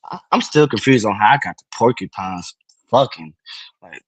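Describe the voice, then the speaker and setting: A man's voice: fairly low pitch, animated, normal speed, breathy edge, no echo. A man hosting a livestream, rambling through crude, joking, teasing chat. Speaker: livestream host.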